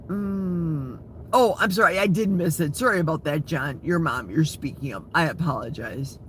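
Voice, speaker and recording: A man's voice: on the high side, lively intonation, brisk, a bit bright, slight background noise. A man in his sixties from Wisconsin, hosting a live chat and reading viewer comments aloud. He talks straight to his viewers and laughs often. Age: 60s. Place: outdoors in a forest.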